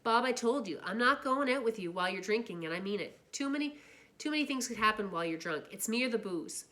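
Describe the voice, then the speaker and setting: A woman voicing a poised, insistent teenage girl in a book reading, lifting her voice higher for the part. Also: a little fast, a bit bright, lightly acted. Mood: stern. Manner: higher, urgent voice.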